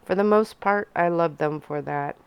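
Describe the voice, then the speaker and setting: A woman narrating a novel in a soft-spoken ASMR reading style. Her voice is fairly low and smooth. The sound is close and dry, with no room echo. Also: normal speed. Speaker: audiobook reader.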